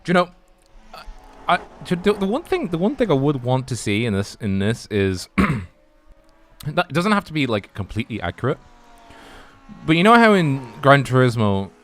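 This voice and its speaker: A man's voice: medium pitch, big pitch swings, normal speed, pauses often. A man doing casual, rambling live sim racing commentary. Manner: rambling, chatty, lots of restarts. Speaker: race commentator.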